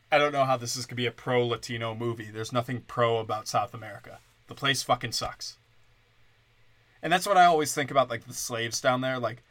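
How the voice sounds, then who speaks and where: A man's voice: mid-range voice, fairly bright tone, dry recording. A male comedian ranting sarcastically, crude and full of curses. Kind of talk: profane comedic rant.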